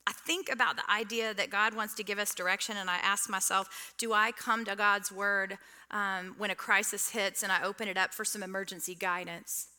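A woman's voice: mid-range voice, steady tone, normal speed, pushed and bright, smooth. A middle-aged woman preaching a sermon in a conversational, teasing way, often asking the audience questions. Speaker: women's speaker.

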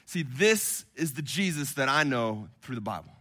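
Bright-voiced preaching man. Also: medium pitch, animated, moderate pace. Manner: impassioned preaching, swelling from hushed to loud. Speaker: pastor. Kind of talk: sermon. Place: church hall with congregation.

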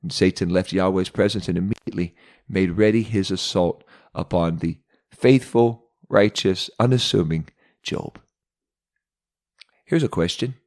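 A man's voice: low voice, a little slow, a little mellow. A man preaching a sermon, retelling a Bible story with dramatic pacing and acted character voices.

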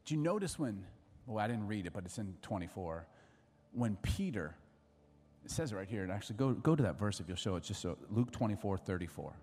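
A middle-aged man preaching a sermon, telling stories in an animated way and acting out other people's voices. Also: fairly low pitch, a little fast. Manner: animated storytelling, acts out voices and laughs. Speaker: pastor. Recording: long hall reverb.

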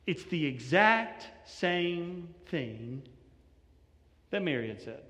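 High-voiced man preaching in a reverberant hall. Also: lively intonation, takes it slowly. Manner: dramatic, acts out the quoted voices with big swings of pitch and loudness. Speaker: pastor. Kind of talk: sermon.

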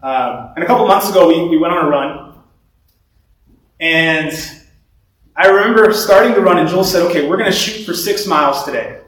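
A young man giving a sermon in a relaxed, conversational way, telling stories and often restarting his sentences. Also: on the high side, moderate pace, long pauses. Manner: conversational storytelling with repeated restarts. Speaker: preacher. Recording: very echoey room, voice from far off.

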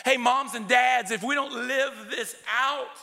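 A man's voice: very high-pitched, steady tone, measured pace, gravelly, bright, forceful tone. A male pastor preaching a sermon to a live congregation, emphatic and calling out directly to his listeners. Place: church sanctuary with a live congregation. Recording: long church hall reverb.

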